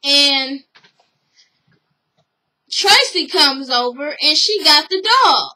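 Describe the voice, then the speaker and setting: A woman's voice: high voice, drawn-out words, poor audio. A woman casually recapping a show for her vlog, blunt and profane, acting out what people said. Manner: animated storytelling, blunt and profane, acts out quotes.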